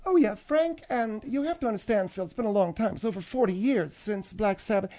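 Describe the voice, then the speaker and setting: A man's voice: high-pitched, expressive, brisk, dark tone, voice pushed up. Man putting on a feisty older lady singer. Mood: indignant. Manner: indignant, defensive, gushing. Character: feisty older woman, a former backup singer. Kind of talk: radio comedy sketch.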